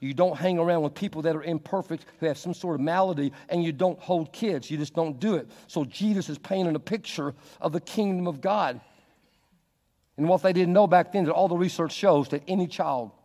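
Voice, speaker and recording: A male pastor delivering a sermon, his delivery swinging from hushed to loud and emphatic. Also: on the high side. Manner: dynamic preaching, swinging from soft to loud and emphatic. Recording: long reverb of a large hall.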